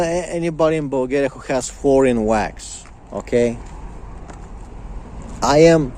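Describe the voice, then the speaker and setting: Give me a slow-talking young man ranting angrily and profanely in a casual vlog, with a warm dark tone. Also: a little high, a little hiss or hum. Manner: angry, profane, repetitive ranting. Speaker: vlogger.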